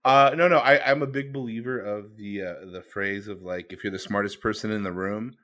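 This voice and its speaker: A man co-hosting a podcast, telling a story in a casual, animated way and laughing along. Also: lowish voice, fairly quick. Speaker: podcast co-host.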